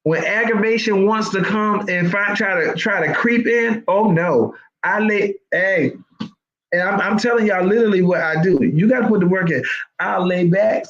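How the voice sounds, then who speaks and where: A woman life coach giving an emphatic, preachy motivational talk, repeating her points for emphasis. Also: mid-range voice. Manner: emphatic, preachy exhortation with repetition. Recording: roomy, dull lo-fi sound.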